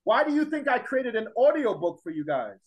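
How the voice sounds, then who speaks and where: Emphatic male teacher with a high voice, lecturing and pressing the class with questions. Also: big pitch swings, a little fast, low-quality recording. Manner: emphatic, repeats points, fires rhetorical questions at the class.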